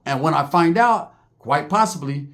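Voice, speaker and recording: A man with a fairly high voice spins casual prison stories. His talk is loose, profane and full of street slang, sprinkled with Spanish words, and he slips into quick impressions of the people in his tales. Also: expressive, a bit bright. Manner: acts out other people's lines in quick voices. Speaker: storyteller recounting prison life. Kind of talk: casual storytelling.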